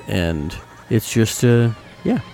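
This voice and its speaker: A man hosting a podcast in casual chat, relaxed, laughing easily and using many fillers. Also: on the low side, slow pace, creaky, soft background music. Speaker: podcast host.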